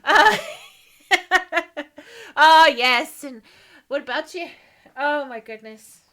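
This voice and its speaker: A woman's voice: high-pitched, very slow, pushed and bright. A woman in her thirties from Texas with a light Texan American accent, chatting and giggling her way through a rambling stream sign-off. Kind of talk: casual stream chat.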